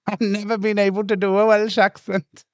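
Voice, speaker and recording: Excitable high-voiced man, camp chatter. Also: moderate pace, clean tone, dry recording, dull audio. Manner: camp, excitable, swears freely. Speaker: streamer reacting to reality TV clips. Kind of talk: casual reaction commentary.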